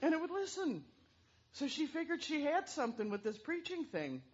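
A woman telling a story aloud in an animated way, throwing in sound effects. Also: sits high, moderate pace, dull audio. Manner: lively, with vocal sound effects.

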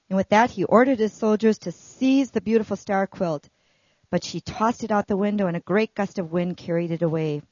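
A woman reading a children's story aloud in an expressive storytelling manner. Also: medium pitch, fairly quick, no room sound, lo-fi sound.

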